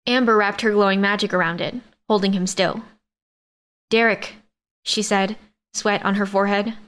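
A woman narrating a science-fiction romance in first person, with a steady, even storytelling read. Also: medium pitch, a little fast, clear, resonant tone. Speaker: audiobook narrator.

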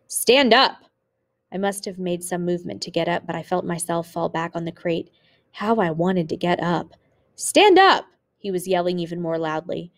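A woman teacher reads a memoir aloud for her students in a low voice with a gravelly edge. Her reading is expressive, lifting on exclamations and dropping quiet on grim moments. The delivery is steady and clear.

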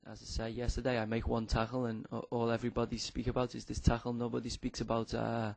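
A footballer from Liverpool answering at a press conference in a put-on French accent, halting with many fillers. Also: male voice, medium pitch, completely flat delivery, vocal fry, darkish tone, no echo. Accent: put-on French accent over a Liverpool voice. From Liverpool, England.

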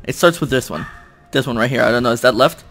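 Speaking at a medium pitch, this young man records let's play commentary at home on a desk microphone while playing a video game for YouTube. He gets excited easily, shouts and groans when frustrated, and pokes fun at himself.

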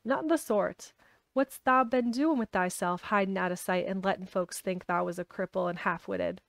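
A gruff old man from the dales talks in a dry, blunt country way. He is voiced by a woman reading a storybook aloud. The sound is close and dry. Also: mid-range voice, normal speed, dry recording, lightly acted. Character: crabbed old male gardener, dry and gruff.

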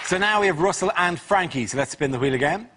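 A man hosting a comedy panel show, presenting briskly before a studio audience. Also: fairly high pitch, animated, over a noisy crowd. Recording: studio audience and room noise.

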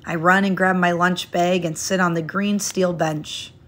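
A woman reading a children's picture book aloud in a gentle, expressive, unhurried way. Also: lowish voice. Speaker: storyteller.

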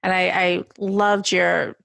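Gravelly-voiced woman podcast co-host. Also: fairly low pitch, little pitch movement, slow pace, dry recording, clean studio sound. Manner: warm, laughing easily, self-deprecating. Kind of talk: casual instructional chat.

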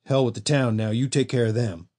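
A man doing a gruff, blunt old gun store owner. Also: medium pitch, fairly even intonation, a little fast, a little mellow, natural voice. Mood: grim. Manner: blunt and profane.

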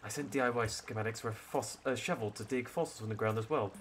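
A man's voice: fast talker, close to an everyday voice. A man voicing a fussy, scholarly male owl museum curator who is squeamish about bugs, reading game dialogue in a pompous, sophisticated tone. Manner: pompous, sophisticated tone with flowery wording and sudden squeaky jumps. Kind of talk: reading game dialogue aloud in character on a stream. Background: loud game music.

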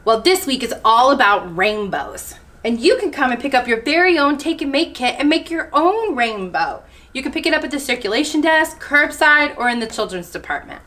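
A woman who is a children's librarian, reading picture books aloud at story time in an animated, expressive way. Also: sits high, moderate pace, few pauses.

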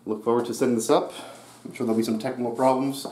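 A man's voice: medium pitch, fairly even intonation, very fast, warm tone. A man in the middle of his range, cracking jokes and grumbling over the top while unpacking. He swears without a thought. The room rings with echo, and faint noise sits underneath. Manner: joking, swears casually, exaggerated complaints. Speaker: co-host unboxing a computer. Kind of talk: casual chat.

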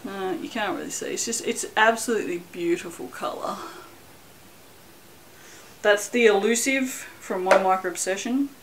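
A woman's voice: mid-range voice, moderate pace, pauses often, background noise. A woman talking casually in a rambling, self-mocking way while making soap for her channel, with a bit of light swearing. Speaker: soap maker vlogger. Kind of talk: casual chatty vlog.

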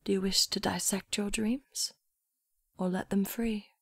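A woman's voice: medium pitch, fairly even intonation, unhurried, gravelly, no room sound, studio quality. A woman voicing a serene, murmuring young man. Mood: gentle. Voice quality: murmuring, thick unplaced accent. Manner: soft, hushed, near-whispered delivery. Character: serene gentle young man, soft-spoken guide. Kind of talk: audiobook story reading.

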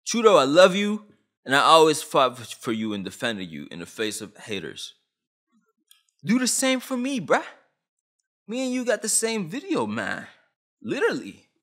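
A man's voice: sits high, fairly bright tone. A young man from Canada ranting on camera about a law, agitated, blunt and full of slang. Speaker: vlogger. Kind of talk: heated opinion rant.

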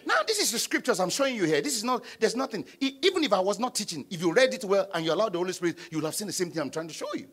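A man, a pastor, preaching a midweek sermon in church, calling on the congregation to answer and bursting into shouts. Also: high voice, expressive, rapid-fire, few pauses, slightly rough. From Nigeria. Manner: preaching with sudden shouts and call-and-response.

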